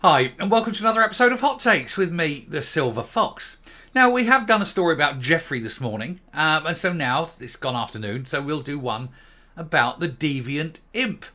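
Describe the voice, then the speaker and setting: A man's voice: a little high, expressive, moderate pace, sharp tone. A middle-aged man hosting an opinionated political commentary show, sneering and scornful, with frequent ums and uhs. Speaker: host.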